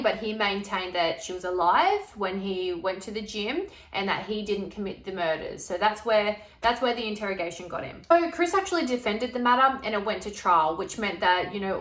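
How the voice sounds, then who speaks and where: A woman's voice: medium pitch, a bit bright. A woman telling a true crime case in a casual, conversational way. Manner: chatty, retells exchanges in plain conversational speech. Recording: echoey room.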